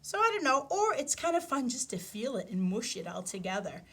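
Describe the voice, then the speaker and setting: A woman's voice: a little high, very animated, brisk, few pauses, fairly bright tone. A woman teaching a preschool class by video, cheerfully leading exercises and counting aloud with the children. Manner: cheerful sing-song, counting aloud with kids. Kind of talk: animated online lesson for small children.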